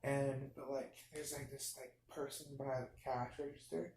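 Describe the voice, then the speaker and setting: A man's voice: mid-range voice, moderate pace, a little hiss or hum. A young man improvising a rambling, absurd story, full of fillers and restarts. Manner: meandering, filler-heavy, deadpan absurd. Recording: echoey room.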